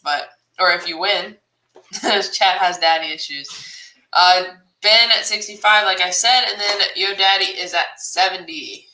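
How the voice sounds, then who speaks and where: A woman runs a live online auction, laughing easily as she reads out viewer comments and calls the bids. Her voice is very bright and ringing. The room around her has a noticeable echo. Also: mid-range voice. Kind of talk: live-stream auction chat. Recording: roomy echo.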